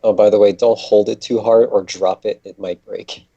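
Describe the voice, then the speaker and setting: A man's voice: lowish voice, little pitch movement, normal speed, gravelly, warm tone, slightly rough, dry recording, lo-fi sound. A man playing in a tabletop game, talking casually, swearing and slipping in and out of character. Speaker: player.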